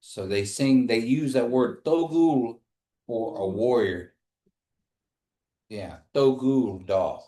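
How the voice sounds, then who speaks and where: Slow, patient man teaching a class. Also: medium pitch, warm tone. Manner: slow, patient, repeats phrases for the class to echo. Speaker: language teacher. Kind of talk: classroom language lesson.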